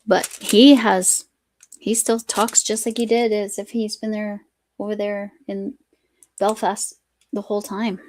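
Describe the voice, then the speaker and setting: A woman's voice: mid-range voice, completely flat delivery, a little slow, a little mellow, slight background noise. A woman from the United States hosting a craft live stream, chatting casually and rambling as she works, often breaking off mid-sentence. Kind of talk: casual chat while crafting.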